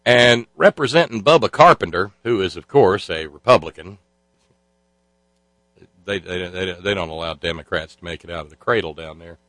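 Male talk host, lowish pitch, close dry sound; sardonic, rambling commentary. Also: normal speed, a bit bright, no echo, poor audio. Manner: sarcastic, rambling with many filler sounds. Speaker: radio talk show host.

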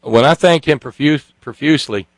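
A man's voice: a little high, no echo, low-quality recording. A man co-hosting a casual chat, telling stories with frequent stops and restarts. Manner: halting storyteller with many restarts. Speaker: co-host.

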